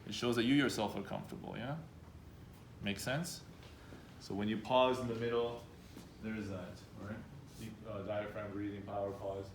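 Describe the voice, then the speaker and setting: A male speaking coach addresses students at a live workshop. He talks in a direct, animated way and acts out unsure speakers. The room is echoey, with faint ambience underneath. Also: fairly low pitch, normal speed, long pauses, slight background noise.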